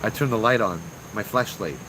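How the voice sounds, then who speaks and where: A man tells ghost stories in an easygoing, chatty way, talking straight to his viewers. He is outdoors, with crickets and insects clearly audible behind his voice. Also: on the low side, moderate pace, background noise. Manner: chatty, relaxed, talks to chat. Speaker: storyteller host. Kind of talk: casual live storytelling.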